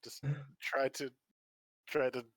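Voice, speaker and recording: A man playing a tabletop role-playing game, mumbling quick apologies. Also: medium pitch, level tone, fairly bright tone, no room sound. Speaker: player. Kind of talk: casual tabletop play.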